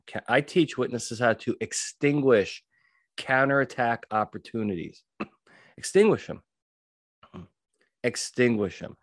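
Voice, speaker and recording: A man hosting a solo podcast, talking emphatically, repeating key phrases and often clearing his throat. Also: lowish voice, dry recording, clean studio sound. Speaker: podcast host and witness trainer.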